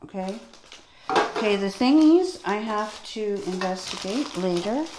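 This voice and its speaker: Woman vlogger, unhurried, thinks aloud over each item; echoey room, audible background noise. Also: mid-range voice, expressive. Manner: slow, musing, talks to herself, gasps with delight at finds. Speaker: vlogger unboxing toys. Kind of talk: casual unboxing commentary.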